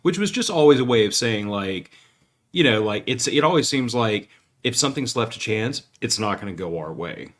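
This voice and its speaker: A podcast co-host talks in a casual, blunt, opinionated way. His voice sits in the mid range with a fairly bright tone, lively intonation and a moderate pace.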